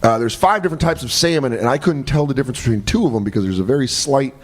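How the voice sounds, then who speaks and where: A comedian guest on a podcast, telling profane, laughing anecdotes in casual chat. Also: male voice, medium pitch, expressive, rapid-fire, noisy background.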